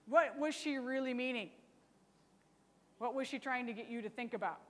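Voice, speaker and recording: A woman's voice: fairly high pitch, moderate pace, a bit bright, in a large hall. A woman teaching a Bible study lesson in a chatty, teasing way, often asking rhetorical questions.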